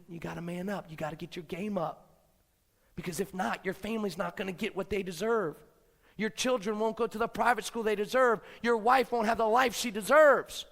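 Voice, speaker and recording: A man giving a fired-up motivational business speech, swinging from low, quiet lines to shouting. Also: creaky. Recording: long hall reverb.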